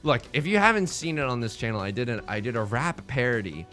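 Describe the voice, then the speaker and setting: A man hosting a let's play, giving excitable, joking, meme-heavy commentary on his own game. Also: medium pitch, fast, faint music behind. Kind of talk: live gameplay commentary.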